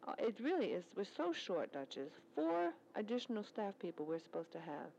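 A woman's voice: medium pitch, very animated, moderate pace, creaky, a little mellow, dull audio, a little hiss or hum. A woman recording a spoken letter, chatting in a rambling, storytelling way about her work at a military service club.

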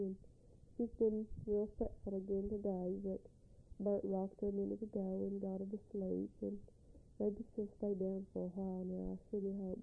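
A woman's voice: mid-range voice, vocal fry, phone-quality sound. A young woman, a mother talking in a rambling, tender, homey way as she records a spoken letter to her husband.

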